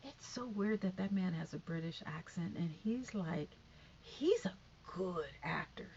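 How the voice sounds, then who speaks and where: A woman's voice: lowish voice, animated, a little slow, darkish tone, lo-fi sound, slight background noise. A woman casually recapping a TV episode, rambling with lots of fillers and tangents.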